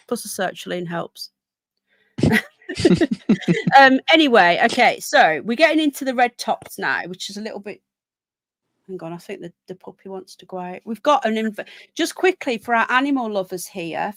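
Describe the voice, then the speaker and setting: A woman's voice: mid-range voice, fairly bright tone, no room sound. A woman with a Birmingham accent, hosting a live stream in casual chat and reading out viewer comments. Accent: Birmingham English. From England. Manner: chatty, rambling, reads out viewer comments.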